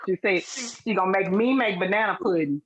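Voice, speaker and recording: A woman's voice: mid-range voice, fairly quick, highs cut off, a crowd in the background. A woman on a casual live panel chat who talks in a playful way and laughs often. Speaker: panel guest.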